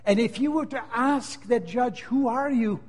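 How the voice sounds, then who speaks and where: A man preaching a sermon, dramatic and emphatic, swinging between bursts of fervor and hushed appeals, often repeating words as he restarts. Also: extremely high pitch, measured pace. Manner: dramatic, rising to emphatic outbursts and dropping to near-hushed appeals. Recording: long hall reverb.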